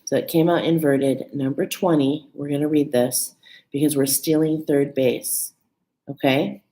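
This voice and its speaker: Female card reader, low pitch, casual and chatty, keeps checking in with listeners. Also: fairly even intonation, a little slow, slight background noise, poor audio. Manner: warm, chatty, with fillers like "okay?" and "right?"; emotional, laughing and near tears at times. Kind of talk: casual live card reading.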